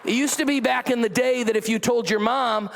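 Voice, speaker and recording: A man's voice: extremely high pitch, fairly even intonation, brisk, a bit bright, big-room sound, slight background noise. A middle-aged man preaching a sermon to a church congregation, with a chatty style full of asides that calls on the crowd to answer. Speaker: pastor. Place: church service before a congregation.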